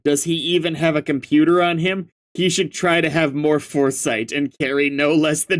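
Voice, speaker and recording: A man's voice: a little high, moderate pace, few pauses. A man reading a webcomic aloud and reacting, who stammers, laughs often and breaks into sudden outbursts.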